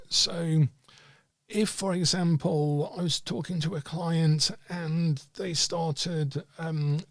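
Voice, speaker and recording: A man explains tarot practice to viewers, pausing often and restarting his sentences. His voice sits a little high with a slight huskiness. The sound is dry and close, with no room echo. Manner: thoughtful, hesitant, many fillers and restarts. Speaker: tarot teacher. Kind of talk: livestream teaching talk.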